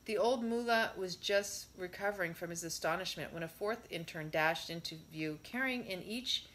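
A woman reading a spiritual discourse aloud in a measured way, stressing her rhetorical questions. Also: fairly low pitch, a bit bright.

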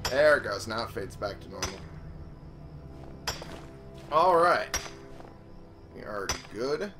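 Slow-talking man swearing through a game. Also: fairly low pitch, very animated. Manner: chatty, swears freely, thinks aloud. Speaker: let's play host. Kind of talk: casual gameplay commentary. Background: game music.

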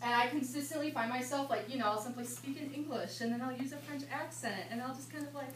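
A young woman in her twenties, a campus ministry intern, leading an informal seminar with chatty, animated storytelling. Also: high-pitched, quick pace, hardly any pauses. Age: 20s. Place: indoor meeting room at a retreat. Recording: echoey room, mic far off, background hum.

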